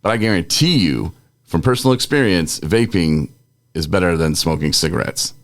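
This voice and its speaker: Deep-voiced man on an exasperated rant. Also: expressive, moderate pace, dry recording. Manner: worked-up, exasperated ranting. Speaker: podcast co-host. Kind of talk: casual ranting chat.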